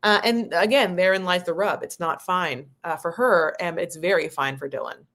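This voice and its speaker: A woman's voice: fairly low pitch, moderate pace, fairly bright tone. A woman giving casual, opinionated commentary on a reality show, talking loosely and swearing now and then.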